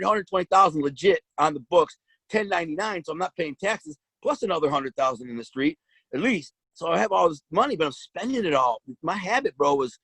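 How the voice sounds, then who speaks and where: A man's voice: on the high side, a bit bright, no room sound, poor audio. A man casually telling his own story in blunt street slang, with frequent restarts.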